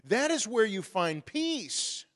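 A middle-aged pastor preaching a sermon, moving from storytelling into forceful preaching. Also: male voice, sits high, very animated, slow pace. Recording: long reverb of a large hall.

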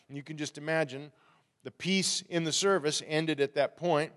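A man preaching a sermon in a conversational, animated storytelling way. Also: on the high side, normal speed. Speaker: pastor. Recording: reverberant hall.

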